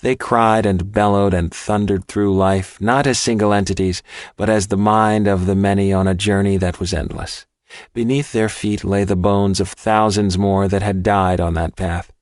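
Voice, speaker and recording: A man narrating an audiobook in a measured, even reading. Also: fairly low pitch, no room sound, clean studio sound. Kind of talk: scripted narration.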